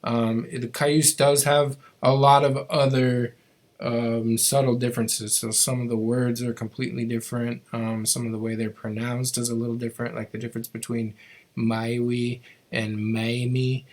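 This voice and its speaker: A man's voice: medium pitch, level tone, moderate pace. A man teaching a language class, patiently explaining how to make each sound, with frequent ums and restarts.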